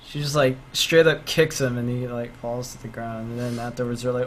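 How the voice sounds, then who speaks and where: A man's voice: mid-range voice, steady tone, brisk, a little hiss or hum. A young man co-hosting a podcast in casual chat, rambling and acting out quotes. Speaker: podcast host.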